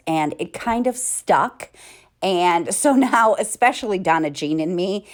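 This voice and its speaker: A woman vlogger and mom, telling stories in a casual, chatty way while doing chores in her home kitchen, often laughing mid-sentence. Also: on the low side.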